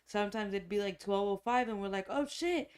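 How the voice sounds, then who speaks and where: A woman's voice: mid-range voice, flat delivery, fast talker, clean tone. Rambling woman in casual chat. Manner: rambling, fills with "like" constantly.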